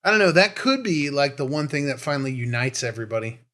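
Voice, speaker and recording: A man's voice: mid-range voice, very animated, fast, a bit bright. A man co-hosting a podcast in casual chat, self-deprecating and laughing as he talks. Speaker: podcast co-host.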